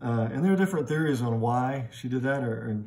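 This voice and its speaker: A middle-aged man giving a recorded literature lecture in a conversational way, often repeating words as he thinks and slowing down to read poem lines aloud. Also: mid-range voice, lively intonation, darkish tone.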